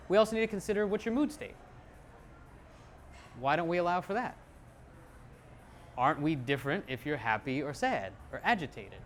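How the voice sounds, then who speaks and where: Lively man giving a self-mocking talk. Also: a little high, slight background noise. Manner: lively, self-deprecating, acts out quotes. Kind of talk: live talk to an audience.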